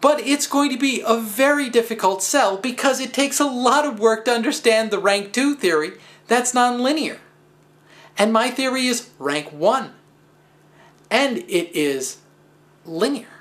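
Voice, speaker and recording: A man hosting a stand-up style physics talk, telling stories with wry, animated asides and self-deprecating humor. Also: very high-pitched, a little slow. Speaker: host.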